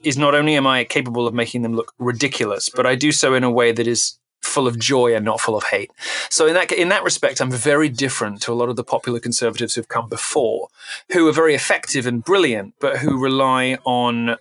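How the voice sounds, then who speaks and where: A man speaking as a podcast guest, animated and emphatic, often restarting his sentences. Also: medium pitch, brisk, dry recording. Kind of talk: podcast interview talk.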